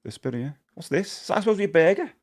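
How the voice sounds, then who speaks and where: A man's voice: a little high, lively intonation, racing, background noise. A man chatting casually to his live-stream viewers. He rambles and corrects himself as he goes, and he laughs often. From United Kingdom.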